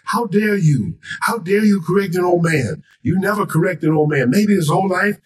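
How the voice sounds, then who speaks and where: A man impersonating a boastful male boxing champion who shouts and brags. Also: lively intonation, moderate pace, recorded from a distance. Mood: scolding. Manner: booming, bragging, shouting.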